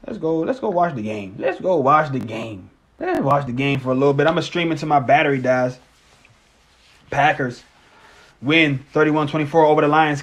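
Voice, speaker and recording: Brief: a male sports streamer with a slightly high voice, ranting casually, swearing and stumbling over his words. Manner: rambling, profane, stammering restarts. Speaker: sports live-stream host. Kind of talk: casual post-game live-stream rant.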